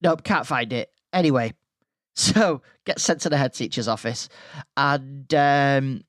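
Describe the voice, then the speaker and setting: A man's voice: mid-range voice, a little slow, a bit bright, dry recording, clean studio sound. A man hosting a podcast, telling a school story in a casual, rambling way full of tangents. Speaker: podcast host.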